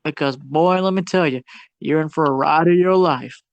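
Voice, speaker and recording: Slangy, joking man with a high voice. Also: normal speed, no room sound, lo-fi sound. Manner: slangy, jokey storytelling with playful put-on voices. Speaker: movie review podcast co-host. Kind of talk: casual chat.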